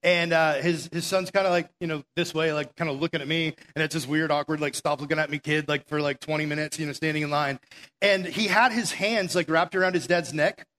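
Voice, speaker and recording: A man's voice: fairly high pitch, steady tone, a little fast, a bit bright. A young man giving a casual youth sermon, telling stories in a chatty way full of "like" and "right?". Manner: chatty storytelling, lots of "like" and "right?". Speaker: youth pastor. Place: church meeting room.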